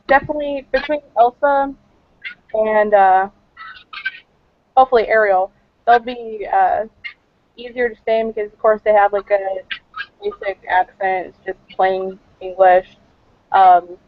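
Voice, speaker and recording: A woman's voice: mid-range voice, no echo. A woman cosplayer answering interview questions in a chatty, rambling way, with lots of fillers. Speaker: cosplayer guest. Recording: dull lo-fi dry recording.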